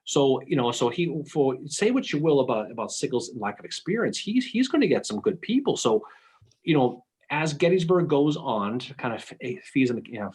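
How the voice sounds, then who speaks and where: A man's voice: medium pitch, sing-song, normal speed, darkish tone, breathy edge. A man talking through a history topic on a casual podcast, thinking aloud with frequent restarts. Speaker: podcast panelist.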